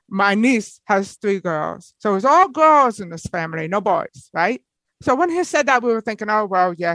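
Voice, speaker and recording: Woman guest, lively storyteller, mid-pitched, dry close sound. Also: dry recording, poor audio. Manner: animated, lively storyteller, laughs often. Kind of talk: personal storytelling in conversation.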